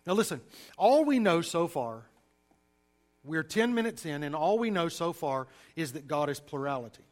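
Animated Southern preacher, higher voice. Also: male voice, moderate pace. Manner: animated, emphatic, folksy asides. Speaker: preacher teaching a class. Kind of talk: sermon-style Bible teaching.

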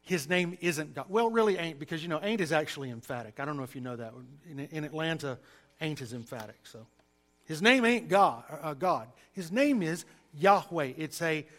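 A man with a Southern US accent teaches scripture the way a preacher does, leaning hard on key words and dropping folksy asides. His voice sits a little higher than most men's. He sounds like he is speaking to a church class. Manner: animated, emphatic, folksy asides. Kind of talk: sermon-style Bible teaching.

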